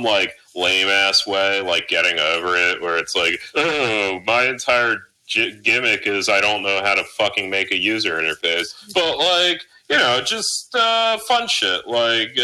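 A man's voice: low-pitched, sharp tone, clear, resonant tone, poor audio. A man in his thirties hosting a podcast, chatting casually with rambling, profane, sarcastic asides. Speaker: podcast host.

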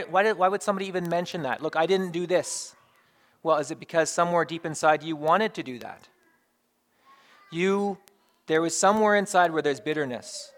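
A man's voice: on the high side, fairly bright tone. A man preaching a sermon in a conversational way, driving points home through emphatic repetition. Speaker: pastor.

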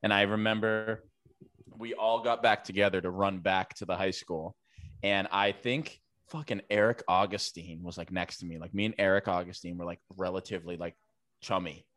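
A young man co-hosting a podcast, telling stories in casual chat, swearing freely and acting out quotes. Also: normal speed. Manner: animated, swears freely, acts out quotes with rising pitch. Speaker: podcast co-host.

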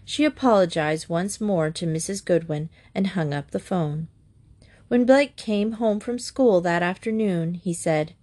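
A woman narrating a children's chapter book in a clear, measured reading. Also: fairly low pitch, darkish tone. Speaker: audiobook reader.

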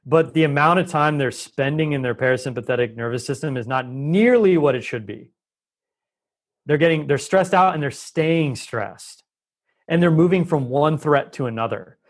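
A man on a podcast explaining health ideas at length, lively and talkative, often acting out quoted voices. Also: on the high side. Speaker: guest expert on holistic health. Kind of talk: conversational podcast interview.

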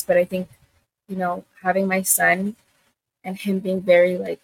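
A woman's voice: lowish voice, monotone, moderate pace, vocal fry, dry recording, rough recording. A young adult woman co-hosting a podcast, chatting casually about her kids. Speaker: podcast co-host. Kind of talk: casual chat.

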